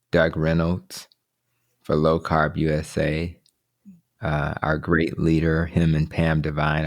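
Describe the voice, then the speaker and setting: Deep-voiced male doctor host, friendly shout-outs, dry close recording. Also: creaky, dry recording. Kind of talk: casual interview talk.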